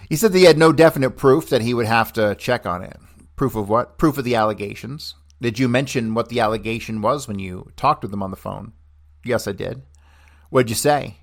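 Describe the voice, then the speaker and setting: A man with a fairly low voice reads old hearing testimony aloud for a podcast. He speaks the questions and the answers in the same even reading voice and does not act out either side. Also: a little fast, gravelly. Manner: steady reading voice that plays both questioner and witness without changing voice. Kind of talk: solo reading of a transcript aloud.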